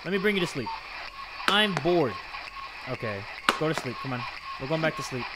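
High, lively young man gaming. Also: moderate pace, very noisy. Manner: jumpy, loud outbursts and joking asides. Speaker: gaming YouTuber. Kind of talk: horror game let's play commentary.

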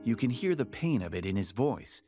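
A man's voice: medium pitch, sing-song, brisk. A man narrating a card game in a storybook, second-person style. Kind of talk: scripted narration. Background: game music.

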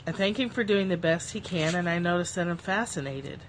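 A woman hosting a livestream, reading spiritual passages aloud in a calm, slow way and breaking off into casual, joking asides. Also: lowish voice, a little hiss or hum.

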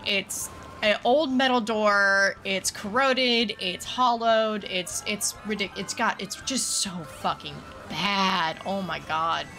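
A woman's voice: mid-range voice, takes it slowly, music in the background. A woman streaming from home, chatting casually while gaming, ranting heatedly and swearing a lot.

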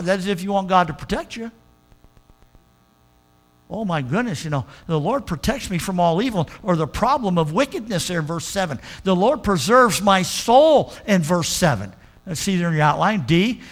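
An older man preaching a sermon as pastor, moving between hushed, slow passages and emphatic, rising exhortation. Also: high voice, big pitch swings.

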